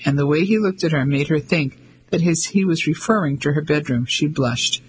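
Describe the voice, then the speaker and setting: A man narrating a novel as an audiobook in a steady, measured way. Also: a little high, a little hiss or hum, rough recording.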